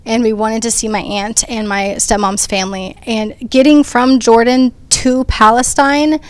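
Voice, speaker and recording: A woman with a somewhat high voice speaks earnestly as a panel guest, recounting her story conversationally. She fills pauses with ums and restarts sentences as she goes. The sound is dry and close, with no room echo. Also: fairly even intonation. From United States. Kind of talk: personal testimony in a panel discussion.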